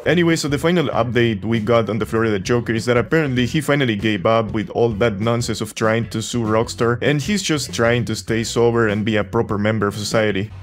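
Man, non-native English accent, casual commentator voice, mid-pitched and even, mocking tone. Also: fairly quick, few pauses. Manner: mocking, laughs at clips. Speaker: YouTube commentator.

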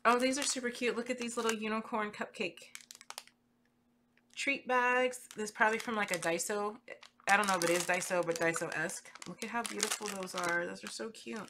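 A woman's voice: mid-range voice, a little fast. Gushing woman unboxing at a craft desk. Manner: gushing, excitable, squeals over cute items. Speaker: crafting channel host. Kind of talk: casual unboxing chat. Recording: clear background noise, paper crinkling.

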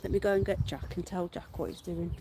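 A woman's voice: on the low side, fairly quick, background noise. A middle-aged British woman chatting casually on a live stream from her back garden, laughing and swearing freely. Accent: British English.

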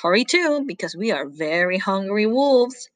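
A woman's voice: medium pitch, very animated, moderate pace, no echo, close to an everyday voice. Woman doing a bossy father wolf. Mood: scolding. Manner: scolding, bossy. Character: gruff, hungry male father wolf.

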